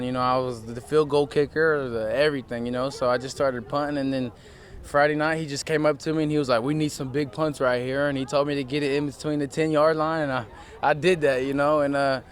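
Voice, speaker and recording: A teenage high school football player answering questions in a relaxed way, rambling with lots of fillers, outdoors at a field. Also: male voice, a little hiss or hum. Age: teens. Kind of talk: casual interview.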